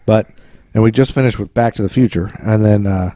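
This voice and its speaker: A man's voice: lowish voice, a little fast, warm tone, dry recording, clean studio sound. A man co-hosting a podcast in casual chat, rambling and jokey. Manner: rambling, jokey, tries silly accents and sings snatches. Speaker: podcast co-host. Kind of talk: casual chat about eighties pop culture.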